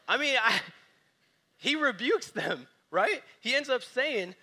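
A man preaching a sermon, telling stories with lively energy and dropping to quiet, soft reflection. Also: very high voice, slow pace. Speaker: pastor.

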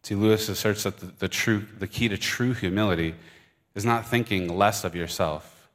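A man's voice: lowish voice, steady tone, moderate pace. A man with a Michigan accent preaching a sermon at a church service into a microphone, earnest and conversational, with fillers and restarts. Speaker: pastor.

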